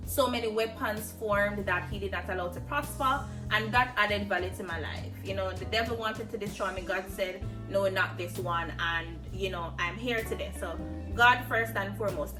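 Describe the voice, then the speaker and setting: A Jamaican woman in her twenties speaking earnestly in a reflective personal vlog. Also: mid-range voice. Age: 20s. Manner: earnest, heartfelt, emphatic. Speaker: vlogger. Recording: distant mic with music behind. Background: music.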